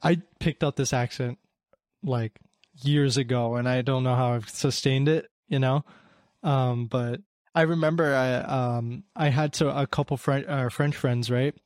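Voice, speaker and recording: A man's voice: mid-range voice, steady tone, unhurried, darkish tone, no echo, studio quality. Rambling young man, casual chat. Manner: rambling, heavy with fillers.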